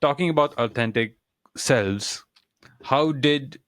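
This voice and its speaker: A man's voice: mid-range voice, takes it slowly, a bit bright, no echo, clean studio sound. A man with an Indian accent, co-hosting a podcast in a friendly, chatty and self-deprecating way. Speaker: podcast co-host. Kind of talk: casual podcast interview.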